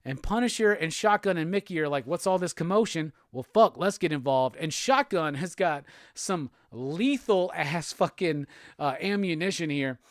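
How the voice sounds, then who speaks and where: A male podcast host recapping a comic book in a casual, excitable way, swearing freely. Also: fairly high pitch, normal speed, no room sound, clean studio sound. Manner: profane, excitable storytelling.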